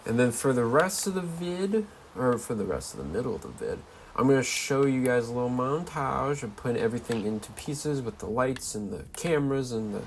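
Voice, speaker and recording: A man's voice: medium pitch, sing-song, fairly quick, a little hiss or hum. A young man giving rambling, chatty commentary while showing off a game build, playful and loose. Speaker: Minecraft builder. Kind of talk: casual gameplay commentary.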